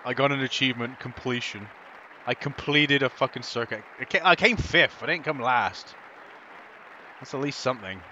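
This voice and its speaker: A man giving excitable, foul-mouthed gameplay commentary as host of a gaming video. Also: mid-range voice, normal speed, highs cut off, some chatter behind, slight background noise. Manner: excitable, swears constantly, laughs often.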